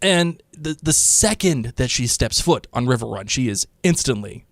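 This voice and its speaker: A man co-hosting a casual podcast chat about a TV episode, talking in an animated way and slipping into quick character voices. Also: mid-range voice, no room sound. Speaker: podcast co-host.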